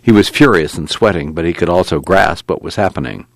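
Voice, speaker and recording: A man narrating a novel in a steady storytelling read. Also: sits low, brisk, dry recording. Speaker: audiobook narrator. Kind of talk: scripted narration.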